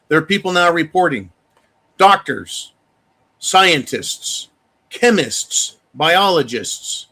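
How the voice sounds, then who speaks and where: A man with a fairly high, sharp and forceful voice hosts a casual live talk show. He rants bluntly and profanely, speaking straight to his viewers as he reads out their donations. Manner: addresses viewers directly. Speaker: livestream host reading viewer donations.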